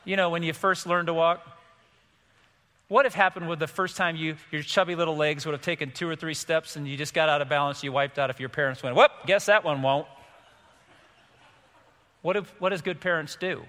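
A middle-aged man pastor preaching a sermon, animated, acting out quotes with sudden swings from soft to loud. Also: fairly high pitch, a little fast, long reverb tail. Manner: animated, acts out quotes with big swings in loudness.

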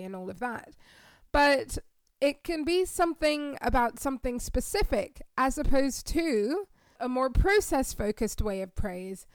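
A woman's voice: sits high, smooth, no room sound, studio quality. A woman, hosting a solo podcast in an upbeat, encouraging way and often asking "right?". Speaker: podcast host and careers coach.

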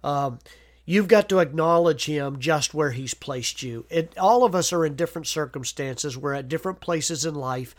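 A man's voice: fairly high pitch, normal speed. A man preaching a devotional sermon, earnest, with frequent "uh" fillers and repeated words. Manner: earnest, reads scripture aloud with emphasis.

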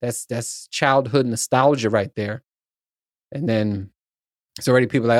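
A man's voice: mid-range voice, steady tone, moderate pace, pauses often, a little mellow, no room sound, clean studio sound. A man hosting a podcast alone, rambling in a casual chat and swearing freely. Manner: rambling, profane, laughs at his own points. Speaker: podcast host.

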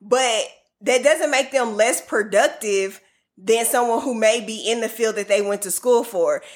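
A woman's voice: a little high, a little slow. A woman on a casual panel discussion, earnest and opinionated, rambling with lots of "like" and "you know".

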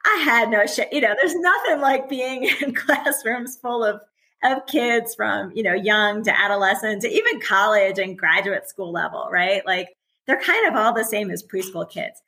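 A woman's voice: mid-range voice, normal speed, pushed and bright, poor audio. A woman in her forties, a former teacher and parent, talking candidly as a podcast guest, chatty and often laughing. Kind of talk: casual conversational interview.

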